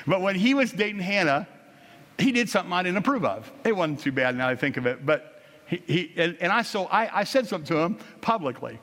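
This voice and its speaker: Middle-aged male pastor, folksy and conversational, voice a touch high, long church reverb. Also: a bit bright. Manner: casual, folksy storytelling with frequent restarts. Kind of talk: sermon. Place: church sanctuary.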